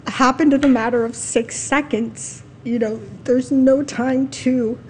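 A woman in an interview slowly and reflectively recounting a personal experience. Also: a little high, a little mellow, a little hiss or hum.

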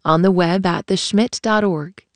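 A woman announcer reading funding credits in an even, formal way. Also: on the low side, unhurried, dry recording. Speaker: sponsor announcer. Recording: dry close studio sound.

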